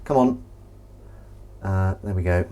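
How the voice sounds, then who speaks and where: A man's voice: deep voice, takes it slowly, noisy background. A man chatting casually to a live-stream audience from his home kitchen while washing up, rambling and self-mocking.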